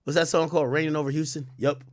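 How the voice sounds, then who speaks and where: A man from Jamaica hosting a livestream, ranting loudly and profanely, dropping from shouts to low mutters. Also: level tone, quick pace, dry recording. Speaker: livestream host. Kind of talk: animated livestream rant.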